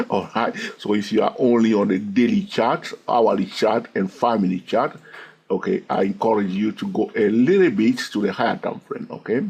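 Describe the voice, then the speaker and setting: This trading instructor's voice is on the low side, a little mellow and husky. Teaching chart reading, he counts waves aloud and checks in over and over with "okay?" and "yes or no?"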